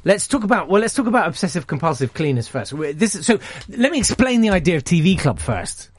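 A man's voice: sits high, sing-song, fast, husky. A man hosting a radio show, chatting casually in a rambling, jokey, self-mocking way. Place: radio studio. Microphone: studio microphone.

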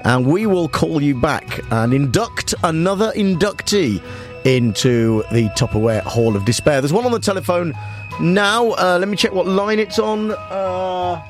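Rambling deadpan radio host man. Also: high voice, unhurried, faint music behind. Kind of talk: spoof talk radio presenting.

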